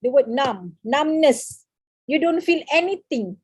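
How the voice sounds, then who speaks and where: High-voiced Malaysian woman lecturing haltingly. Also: lively intonation, a little mellow, dry recording. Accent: Malaysian English. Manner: halting, many fillers, mixes in Malay words. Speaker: counseling lecturer. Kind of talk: seminar lecture.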